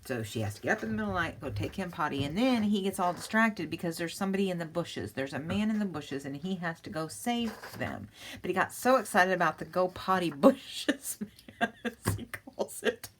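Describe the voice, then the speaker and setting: A woman with a low, deep voice chats casually as she crafts, wandering off topic and laughing at her own stories. A faint hiss of noise sits under the recording. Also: expressive, quick pace, fairly bright tone. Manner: rambling, chatty, often laughing at her own story. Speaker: crafting channel host.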